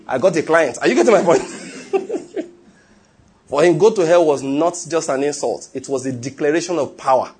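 A man's voice: a little high, breathy edge. A man preaching a sermon, emphatic and repetitive, often asking whether his listeners follow. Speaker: pastor.

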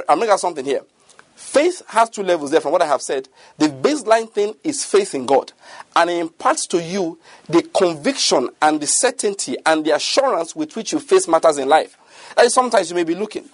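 A man's voice: sits high, breathy edge, no room sound. A middle-aged man preaching a sermon, earnest and repetitive, often checking that listeners follow him.

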